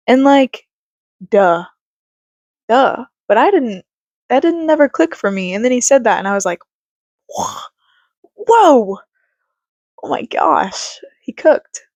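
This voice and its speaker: Sounding a little congested, a young adult woman reflects to camera on life and faith in a loose, rambling way, laughing and using fillers. Her voice is mid-range and slightly mellow, with no echo.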